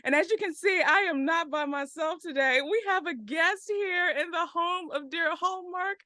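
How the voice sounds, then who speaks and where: A woman's voice: very high voice, moderate pace, sharp tone, no echo, studio quality. A woman hosting a podcast, chatting casually in a bubbly, effusive way with a little Southern slang. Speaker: podcast host. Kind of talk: casual chat.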